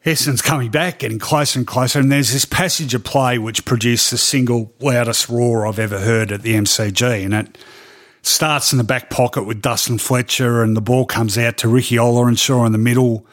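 A middle-aged sports journalist with an Australian accent, telling lively stories in an interview and laughing between them. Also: male voice, medium pitch, a little fast. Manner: lively anecdotal, with frequent ums and laughs. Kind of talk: animated storytelling in a podcast interview.

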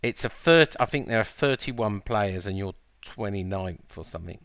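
A man's voice: lowish voice, animated, normal speed, a bit bright, clear, resonant tone, dry recording, studio quality. A man hosting a casual football podcast, teasing his co-host and moving the segments along.

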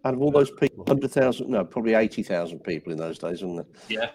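A man's voice: lowish voice, animated, fast, darkish tone, slight background noise, poor audio. A man, calling in to a radio show and telling a rambling, hesitant story. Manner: rambling, hesitant, repeats himself. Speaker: radio caller. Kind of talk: casual chat.

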